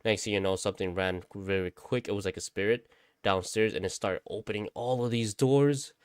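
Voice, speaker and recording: Man, casual spooky storytelling, rambling, cursing, clear resonant tone, dry room. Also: on the low side, a little fast, no echo. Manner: rambling, swears often, repeats himself. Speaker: vlogger.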